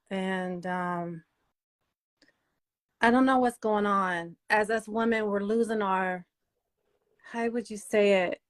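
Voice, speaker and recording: A woman hosting her own channel, speaking slowly in a halting, emotional monologue full of fillers and restarts. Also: mid-range voice, a bit bright. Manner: halting, repetitive, many fillers. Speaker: channel host.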